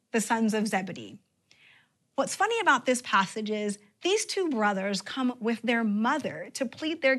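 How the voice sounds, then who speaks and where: A woman pastor preaching a sermon, with expressive emphasis and sudden drops to a near-whisper. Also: fairly high pitch.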